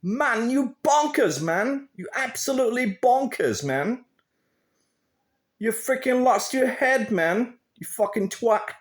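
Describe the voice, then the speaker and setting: A man's voice: lively intonation, slow pace, roomy sound, exaggerated voice. A man mimicking an angry English football fan in a mocking, put-on English accent. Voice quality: shrill, mocking sing-song.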